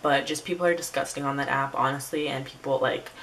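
Chatty low-voiced woman doing a storytime vlog, swears a lot, mic a bit far off. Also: steady tone, fast, a bit bright, slight background noise. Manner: chatty, swearing, casual slang. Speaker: YouTuber.

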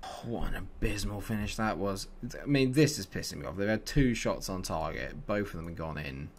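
A man giving live, animated commentary while playing a football management game, dropping to low mutters and rising to excited shouts. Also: a little fast, vocal fry, a little hiss or hum. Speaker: video game player.

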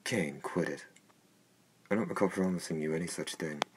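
A man's voice: low-pitched, normal speed, background noise, close to an everyday voice. A man reading the lines of a frightened, defiant young village woman in an audiobook, protesting and pleading.

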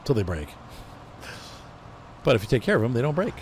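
Very animated and a little fast, this man's mid-range voice comes through stuffy from allergies as he streams a game. His casual commentary rambles while he thinks aloud during the driving and self-corrects. Slight background noise can be heard.

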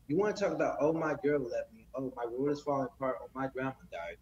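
A man's voice: mid-range voice, expressive, a little fast, darkish tone, reverberant, highs cut off. A man goofing around on a casual livestream, joking crudely, laughing, and rapping off the cuff. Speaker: livestream host.

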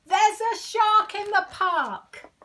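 A woman voicing an excited little boy who shouts an alarm in a picture-book story. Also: very high voice, voice pushed up, exaggerated voice. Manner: shouting, drawn-out.

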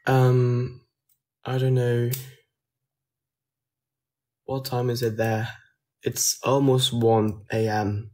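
A young man, his Dutch, takes his time as he chats into his phone from a home kitchen. He reads viewers' questions aloud and answers them in a relaxed, unhurried way, at a mid pitch for a man. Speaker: livestreamer. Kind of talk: casual livestream chat reading comments. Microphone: phone livestream.

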